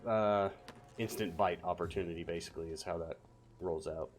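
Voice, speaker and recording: A man streaming a game live, animatedly commenting, swearing and yelling lines at the enemies. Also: sits low, fairly even intonation, moderate pace, slight background noise.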